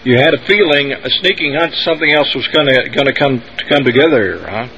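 A man hosting a radio talk show, asking questions in a halting way with many fillers. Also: medium pitch, lively intonation, bright, forceful tone. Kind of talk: radio interview. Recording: muffled radio broadcast with faint hiss.

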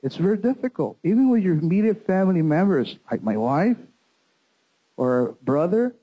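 A middle-aged man giving a talk to an audience, telling a personal story in an animated way, often restarting and repeating words and calling his listeners folks. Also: sits high, moderate pace, husky, poor audio.

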